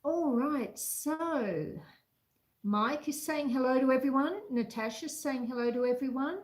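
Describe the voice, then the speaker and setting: An Australian woman with a slightly high voice talks in an unhurried, drawn-out way as she bakes and chats with her live-stream viewers. She is chatty and pokes fun at herself. Her voice rings around a roomy, echoey home kitchen. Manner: chatty, self-deprecating, reads chat aloud while cooking. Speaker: homestead vlogger hosting a live stream. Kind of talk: casual live-stream baking chat.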